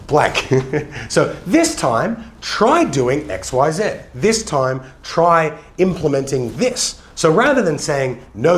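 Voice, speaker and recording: An energetic man teaches a sales leadership lesson, his pitch sitting a little high and swinging widely as he talks. He drags out the words he wants to land and drops his voice low when he mimics dull or harsh speakers. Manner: energetic, emphatic, slows down to stress key words.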